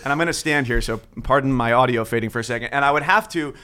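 A man tells long, lively anecdotes in an easy, conversational way, slipping into voices when he quotes people. He sounds like a sports broadcaster in his thirties, chatting with colleagues. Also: mid-range voice, fast, clean tone. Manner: animated storyteller, acts out quotes. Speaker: guest sportscaster. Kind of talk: casual storytelling chat.

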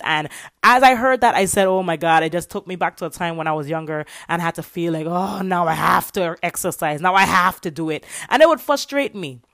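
Animated woman hosting a motivational podcast. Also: lowish voice, no echo, clean studio sound. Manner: animated storytelling, repeats words. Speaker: podcast host.

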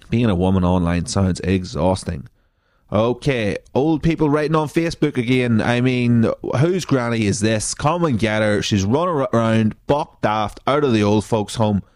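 A man's voice: fairly low pitch, moderate pace, a little mellow, no echo. A man hosting a comedy podcast, reading out social media posts and mocking them with sarcastic, profane asides. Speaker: podcast host.

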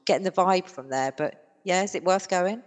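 A woman's voice: fairly low pitch, normal speed, in a large hall. A woman interviewer asking questions in a casual chat, hesitant, with frequent ums.

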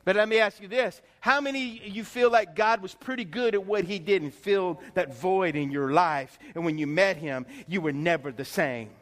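Male pastor, high voice, emphatic sermon delivery with rhetorical questions, long sanctuary reverb. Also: moderate pace, few pauses, fairly bright tone. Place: church sanctuary. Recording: long reverb in a church hall.

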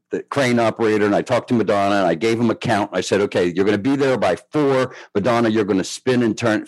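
Older male guest, low voice, animated raconteur, dry close sound. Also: dry recording, low-quality recording. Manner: lively storyteller who acts out quoted voices. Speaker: guest choreographer. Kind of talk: storytelling in a podcast interview.

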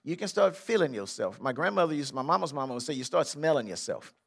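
An older man, a bishop, preaching a lively sermon and acting out Bible figures in street slang. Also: a little high, quick pace, creaky, breathy edge. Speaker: pastor. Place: church sanctuary.

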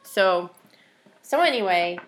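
A woman's voice: medium pitch, expressive, takes it slowly. A middle-aged woman from Rhode Island co-hosting a podcast in casual chat, rambling and hesitant, often laughing. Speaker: podcast co-host, mother.

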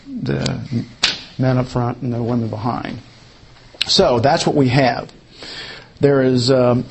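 A man's voice: medium pitch, creaky, darkish tone, a little hiss or hum. A man teaching verse by verse through a Bible passage, explaining a drawing as he goes, with frequent restarts and fillers.

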